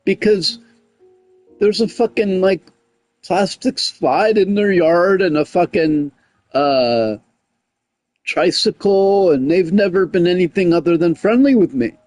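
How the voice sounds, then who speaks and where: His voice sits high and moves slowly, with no room sound and soft background music. Chatting on a gaming livestream, he rambles with plenty of "like" and "you know what I mean," turning heated and loud when retelling conflicts.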